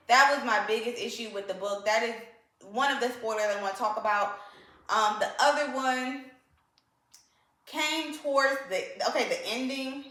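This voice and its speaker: A woman's voice: a little high, normal speed, bright, forceful tone. A woman giving a casual, opinionated book review, emphatic and repeating points for effect. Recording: echoey room.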